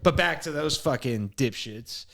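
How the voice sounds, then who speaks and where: A young man in the middle of a casual podcast chat, spinning a story in an animated way. He swears freely and acts out the back-and-forth of the people involved. His pitch sits in an everyday middle range. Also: measured pace, creaky. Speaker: podcast co-host.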